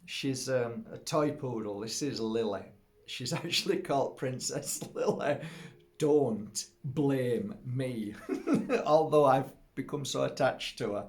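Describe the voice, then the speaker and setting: A man's voice: medium pitch, slow pace. A middle-aged man chatting casually to camera as host, rambling, laughing often and breaking off to fuss over his dog.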